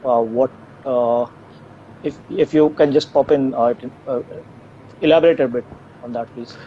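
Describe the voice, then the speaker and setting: Fielding audience questions during a live interview, this co-founder of a tech company talks at a normal speed in a mid-range voice with fairly even intonation. He uses many fillers and often starts over. The stream sounds dull and lo-fi, with a faint hiss.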